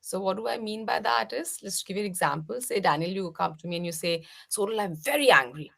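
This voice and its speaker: A middle-aged woman from India, a meditation teacher, gently explaining mindfulness as a podcast guest with frequent "uh" fillers. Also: medium pitch, fairly even intonation, fast talker, vocal fry. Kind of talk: podcast interview answers.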